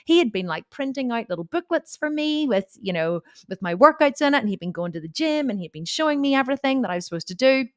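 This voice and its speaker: A woman fitness coach telling a personal story to camera in a candid, animated way, swearing freely. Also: sits high, fast talker, few pauses, dry recording, studio quality.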